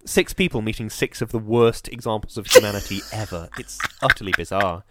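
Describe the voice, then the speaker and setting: A man's voice: lowish voice, a little fast, background noise. A man, chatting casually over a video call and telling a long story with lots of fillers. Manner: rambling, animated storytelling with fillers. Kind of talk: casual chat.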